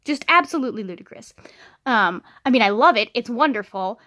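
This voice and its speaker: A chatty woman in a casual book vlog, her voice pitched a little high. She talks in an animated, rambling way, with ums and restarts. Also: a little fast. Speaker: book vlogger. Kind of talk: casual reading vlog chat.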